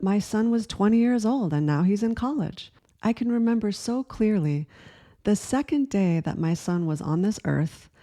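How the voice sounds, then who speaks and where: A woman in her forties giving a gentle, earnest spiritual talk that often asks the listener questions. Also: mid-range voice. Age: 40s. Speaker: spiritual teacher. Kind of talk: reflective spiritual talk to camera.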